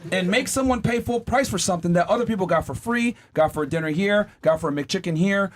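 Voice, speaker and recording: A man hosting a heated panel debate, telling an animated, profane story to make his point. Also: high-pitched, fast, a little hiss or hum. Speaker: podcast host.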